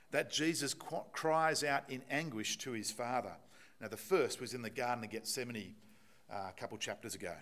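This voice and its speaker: A man's voice: mid-range voice, a bit bright. A man preaching a sermon, explaining a Bible passage and putting rhetorical questions to the congregation.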